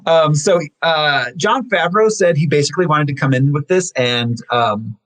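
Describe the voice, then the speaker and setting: Relaxed man co-hosting a film podcast. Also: fairly high pitch, moderate pace, low-quality recording. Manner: relaxed, with fillers and small laughs. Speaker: podcast co-host. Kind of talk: casual chat, reading film credits.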